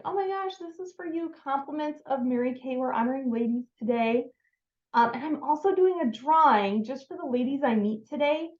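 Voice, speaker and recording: A woman's voice: on the high side, a little mellow, reverberant, lo-fi sound. A woman giving a casual, upbeat how-to talk on sales and networking, full of filler words. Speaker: sales trainer.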